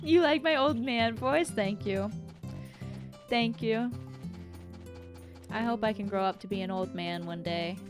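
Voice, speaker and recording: A woman's voice: medium pitch, steady tone, normal speed, few pauses, over music. A young woman streaming a farming game, chatting casually and thinking aloud as she plays. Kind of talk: casual gameplay commentary.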